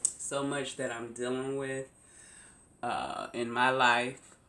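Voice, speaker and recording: A woman vlogger telling a personal story to her viewers, slow and emphatic, repeating phrases for weight. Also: very deep voice, flat delivery, a bit bright, echoey room. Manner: slow, repetitive, emphatic retelling. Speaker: YouTube vlogger.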